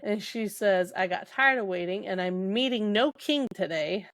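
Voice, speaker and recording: A woman's voice: mid-range voice, animated, moderate pace, fairly bright tone, dry recording. A young adult woman co-hosting a podcast, retelling book scenes casually with quoted dialogue and lots of fillers. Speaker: podcast co-host.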